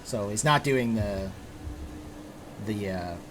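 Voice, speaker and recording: A man's voice: fairly low pitch, expressive, takes it slowly, slight background noise. A man running a tabletop game, explaining rules with lots of fillers and restarts. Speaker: game master.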